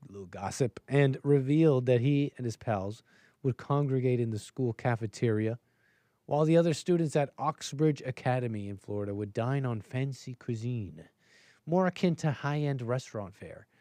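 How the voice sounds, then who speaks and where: A man's voice: mid-range voice, warm tone, no room sound. A male talk show host casually reading an article aloud and breaking off for sarcastic, mocking asides, with frequent chuckles.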